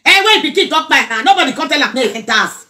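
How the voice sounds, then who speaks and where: A woman with a Nigerian accent giving an animated reaction rant in Pidgin, now and then breaking into song. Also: high voice, very fast. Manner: animated, preachy, mixes Pidgin and local language, breaks into song.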